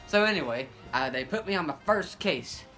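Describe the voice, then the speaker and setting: Goofy animated comic storyteller. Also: mid-range voice, moderate pace, faint music behind, rough recording. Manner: goofy, animated, self-correcting. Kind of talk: rambling improvised comic story.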